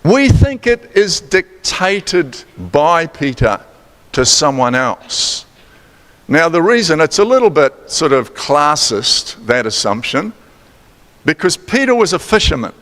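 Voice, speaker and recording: New Zealand man preaching, animated and playful, slow and deliberate, long church reverb. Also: on the high side. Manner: animated, chatty, playful teasing. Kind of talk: sermon with quiz and asides. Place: church sanctuary.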